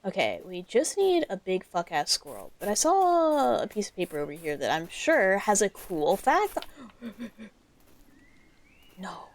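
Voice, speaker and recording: A woman streams a horror game in a loose, chatty way, rambling through her thoughts and swearing freely. Her voice sits at an everyday middle pitch, and she gets quickly excited by what she sees on screen. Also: slight background noise. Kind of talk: casual gameplay commentary.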